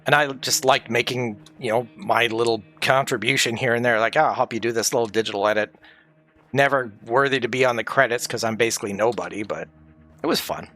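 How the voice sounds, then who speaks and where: A man's voice: mid-range voice, a little fast, pushed and bright, faint music behind. A man streaming from home, grieving, talking candidly in a rambling, sweary way. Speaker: livestreamer. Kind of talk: casual livestream chat.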